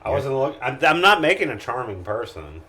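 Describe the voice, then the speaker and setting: A man playing a tabletop game with friends, chatty and quick to protest. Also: medium pitch, sing-song. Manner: bright, chatty, protests and jokes. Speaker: player. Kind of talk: casual chat at a game table.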